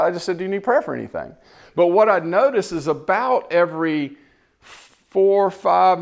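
Animated man telling a sermon story. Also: fairly high pitch, gravelly. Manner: animated, acts out quoted exchanges. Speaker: preacher.

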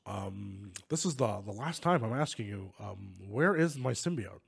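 A man's voice: fairly high pitch, animated, normal speed, creaky, sharp tone, breathy edge, voice pushed up, full character voice. A man doing a smug billionaire villain impression. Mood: cold. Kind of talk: comedic fan reenactment.

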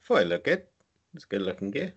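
A man's voice: lowish voice, big pitch swings, quick pace, breathy edge, lo-fi sound. A man co-hosting a casual wrestling chat, talking bluntly and swearing casually. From southern United States. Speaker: podcast co-host.

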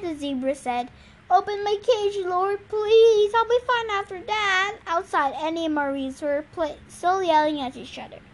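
A woman's voice: sits high, a bit bright, a little hiss or hum. A woman reading a novel aloud in an earnest, plain storytelling manner. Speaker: reader.

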